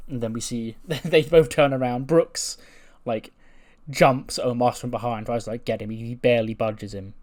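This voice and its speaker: A man's voice: mid-range voice, fairly even intonation, normal speed, darkish tone. A man casually recapping a wrestling show, chatty and full of fillers.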